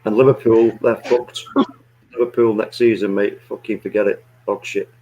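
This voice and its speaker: Brief: football fan, loud teasing banter, swears a lot, laughs often. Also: male voice, fairly low pitch, little pitch movement, moderate pace, muffled recording. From England. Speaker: co-host of a football watch-along. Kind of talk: casual chat.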